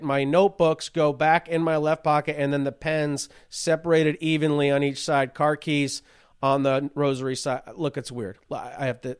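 Man, high voice, podcast host, profane, ranting, comic storytelling. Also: clear, resonant tone. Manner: profane, ranting, with shouted outbursts. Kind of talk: comedic rant and storytelling.

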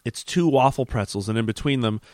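A man's voice: medium pitch, brisk, a little mellow, dry recording, clean studio sound. Eager young man chatting about snacks. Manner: enthusiastic, searches for words. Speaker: podcast co-host. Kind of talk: casual chat.

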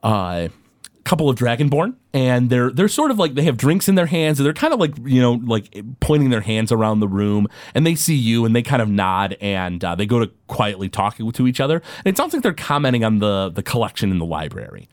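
A man narrating a tabletop game as game master, halting with many fillers. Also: medium pitch, sing-song, dry recording.

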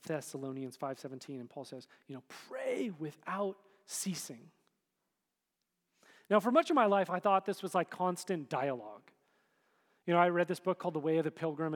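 High-voiced casual preacher in a hall. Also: male voice. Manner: casual, conversational preaching with many fillers. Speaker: pastor. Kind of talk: sermon. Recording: hall reverb.

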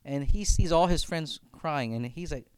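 A man's voice: a little high, moderate pace, darkish tone, clean tone, no room sound. A man leading a reflective faith discussion as campus minister, speaking earnestly and often repeating words as he thinks aloud.

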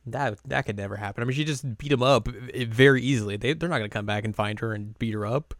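A man's voice: medium pitch, quick pace, dry recording. Jokey man hosting a podcast, dry close mic. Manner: jokey, puts on silly voices for characters. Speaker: podcast host. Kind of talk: casual chat.

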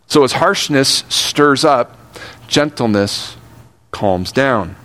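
An older man delivers a sermon at a mid-range pitch. He is earnest, drawing out key words slowly and then rattling off quick asides between points. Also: expressive, fairly bright tone. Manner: earnest, shifts between slow emphatic phrasing and quick asides. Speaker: pastor.

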